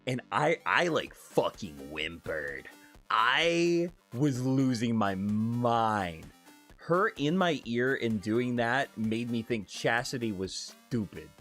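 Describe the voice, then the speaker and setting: A man's voice: mid-range voice, lively intonation, slow pace, a bit bright, faint music behind. A man live-streaming casual chat, reading viewer questions aloud with giggly, profane banter.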